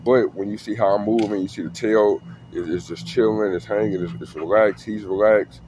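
A man's voice: fairly low pitch, steady tone, moderate pace, background noise. A man who breeds dogs, talking casually and slangily to the camera outdoors with his dog. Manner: slangy, laid-back, talks to camera and dog. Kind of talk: casual vlog talk.

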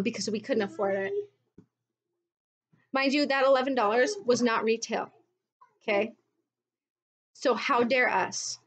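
A woman vlogging at home in a blunt, exasperated tone, with mocking asides. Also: fairly high pitch. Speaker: vlogger recounting her MLM experience. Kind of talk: casual commentary video.

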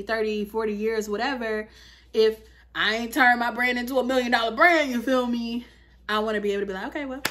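Chatty animated woman vlogger. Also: medium pitch. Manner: chatty and animated, with lots of "like" and "you feel me". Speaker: lifestyle vlogger. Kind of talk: casual vlog chat.

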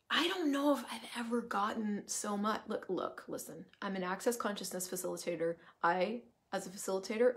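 A woman hosting a casual live stream, talking in an animated way with the odd swear word and drifting into asides, in the middle of her usual pitch range. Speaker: host, coaching facilitator.

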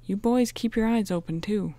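A woman reading aloud, voicing a brisk, businesslike middle-aged police chief. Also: mid-range voice, warm tone, dry recording, lightly acted.

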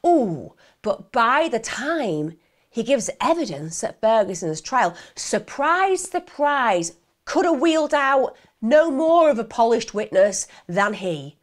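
A woman's voice: medium pitch, animated, normal speed. A woman telling a true crime case in a chatty way, talking directly to her viewers.

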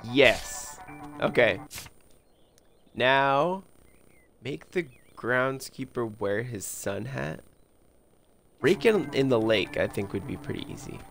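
A man's voice: medium pitch, lively intonation, slow, creaky, pauses often, a bit bright, faint music behind. A man giving playful, teasing commentary on a video game as he plays, chuckling often. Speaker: let's play gamer. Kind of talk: casual gameplay commentary.

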